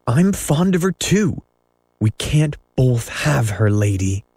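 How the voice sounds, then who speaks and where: A man's voice: mid-range voice, very animated, slow, a little mellow, husky, dry recording, voice pushed up, full character voice. A man voicing a proud, defiant boy who never grows up, boastful and sneering in a storybook reading.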